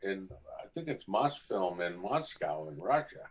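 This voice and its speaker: A man's voice: sits low, a little slow. A middle-aged man, a guest actor, chatting and telling anecdotes in an interview, often acting out the voices of people in his stories. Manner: animated, acts out voices in anecdotes. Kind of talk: casual interview storytelling.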